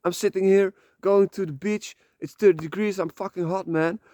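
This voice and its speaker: A man vlogs into his phone while walking outdoors on a slippery path. His voice sits a little high but sounds warm and mellow. He speaks in a rambling, open-hearted way and swears casually. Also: steady tone, normal speed, no echo. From Netherlands. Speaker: vlogger. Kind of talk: emotional motivational monologue.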